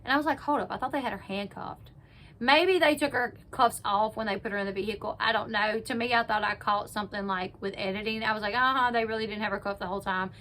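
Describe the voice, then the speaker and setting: Bright, chatty woman recapping a show. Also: mid-range voice, steady tone, fast talker. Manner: chatty, peppers speech with "like", acts out quotes. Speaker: YouTube recap host. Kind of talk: casual retelling of a reality TV episode.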